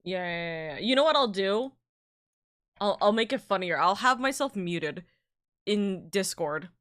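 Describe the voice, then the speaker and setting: A woman streaming as a VTuber talks in an animated, slightly bright, medium-pitched voice, unhurried in pace. She chats loosely, reading out and thanking chat messages amid rambling, self-interrupting asides.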